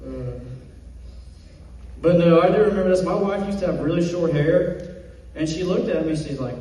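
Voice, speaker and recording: A man's voice: fairly high pitch, normal speed, pauses often, dark tone. A man doing a stand-up comedy set on stage, telling self-deprecating jokes and acting out quotes. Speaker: stand-up comic. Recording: distant echoey hall recording.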